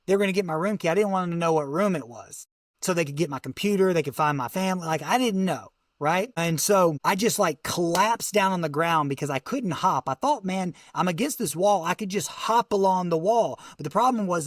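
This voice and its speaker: A male guest telling a survival story vividly, his voice dropping low and soft at the emotional moments. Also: no room sound, studio quality.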